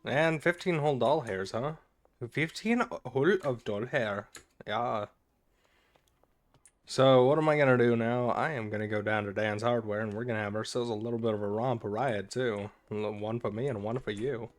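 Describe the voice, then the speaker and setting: A man's voice: medium pitch, moderate pace. A young man doing let's play commentary, joking goofily and reading game text aloud. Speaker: gaming video creator.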